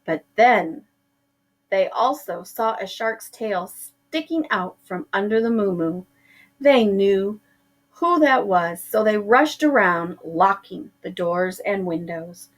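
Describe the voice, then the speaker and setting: A woman teacher narrating a children's storybook aloud, slow and expressive. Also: medium pitch.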